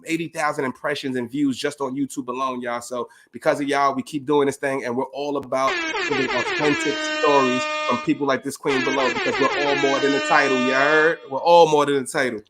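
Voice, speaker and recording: A man's voice: medium pitch, fairly even intonation, brisk, hardly any pauses. A man hosting a podcast over a video call, talking in a laid-back, hyped way and laughing often. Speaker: podcast host. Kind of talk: casual podcast chat.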